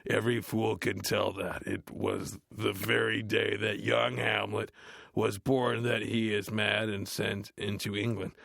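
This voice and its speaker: A gruff, dim cartoon heavy metal frontman mutters deadpan through an audiobook reading. His voice is low and deeply gravelly. It is recorded close and dry, with no room sound. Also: measured pace, dry recording, exaggerated voice. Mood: bored grumbling. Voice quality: gravelly, growly. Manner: deadpan, grumbling, dismissive.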